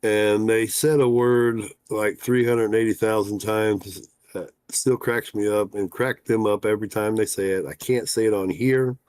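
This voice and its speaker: A man with a low voice, talking loosely on a livestream. He rambles in a folksy way, full of "uh" and "you know". The sound is dry and close, with no room echo. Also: fairly even intonation, a little slow, a little mellow. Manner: folksy and rambling, with many "uh" fillers. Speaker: fishing guide and talk show host. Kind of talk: casual livestream chat.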